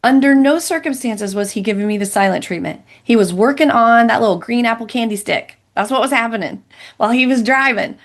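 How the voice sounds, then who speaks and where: Gravelly-voiced woman telling a personal story. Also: fairly high pitch. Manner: earnest, reflective, with quick bursts and slow emphatic phrases. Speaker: Christian counselor, guest. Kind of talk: personal storytelling in a podcast interview.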